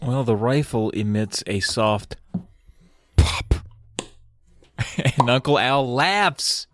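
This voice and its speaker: A man's voice: mid-range voice, animated, extremely slow, long pauses, fairly bright tone, dry recording, studio quality. A man co-hosting a podcast, teasing his co-host and wryly retelling a story in his own words. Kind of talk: casual chat and book retelling.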